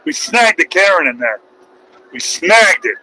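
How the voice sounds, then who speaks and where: Middle-aged man, loud profane livestream rant, bright forceful tone. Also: sits high, big pitch swings, a little slow, slight background noise, poor audio. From United States. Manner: loud, profane and mocking, swings into shouting. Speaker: truck driver and livestreamer.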